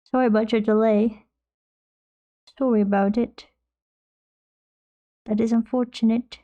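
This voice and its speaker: A woman's voice: a little high, fairly even intonation, measured pace, phone-quality sound. A woman streaming while she paints, chatting in a rambling, jokey way and slipping into silly voices. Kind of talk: casual chat while painting.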